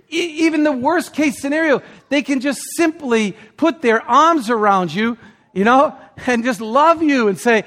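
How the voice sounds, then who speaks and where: A male preacher delivering a sermon with real passion. His fairly high voice swings up and down widely, building to emphatic peaks before dropping almost to a murmur. The sound carries a long reverb from a large hall. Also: lively intonation, a little slow, a bit bright. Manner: impassioned, rising to emphatic peaks then dropping low. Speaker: pastor.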